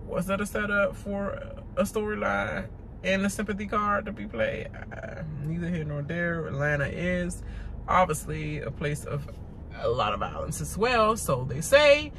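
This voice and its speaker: A woman hosting a casual TV recap rant, animated and mocking, with lots of laughter and stammered fillers. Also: lowish voice, unhurried, noisy background. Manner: stammering filler-heavy delivery. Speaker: reality TV recap host.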